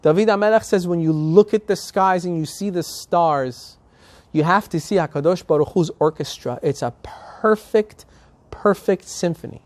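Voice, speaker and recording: A man's voice: high voice, normal speed, dry recording. A male rabbi preaching a sermon and telling a story, emphatic and building to passionate appeals.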